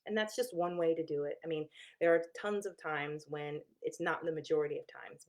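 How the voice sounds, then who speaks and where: A woman's voice: low-pitched, darkish tone. A woman therapist explaining to viewers in a casual, candid, conversational way, often correcting herself mid-sentence.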